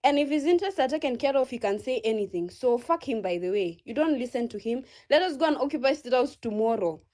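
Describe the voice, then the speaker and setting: A woman's voice: on the high side, lively intonation, quick pace, darkish tone. A woman with a Kenyan accent giving a furious, profane protest speech in an online audio space, rallying listeners.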